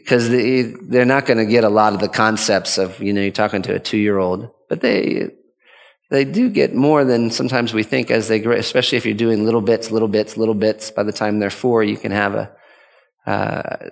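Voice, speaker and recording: A man's voice: lowish voice, vocal fry, long reverb tail. A man giving an earnest, conversational teaching talk on parenting as a father, often restarting his sentences. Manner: earnest, rambling with frequent restarts.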